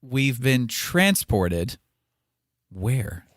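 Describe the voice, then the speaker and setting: A man co-hosting a podcast in casual chat, animated, jumping up to act out quoted lines. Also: mid-range voice, drawn-out words, no room sound, studio quality. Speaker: podcast co-host.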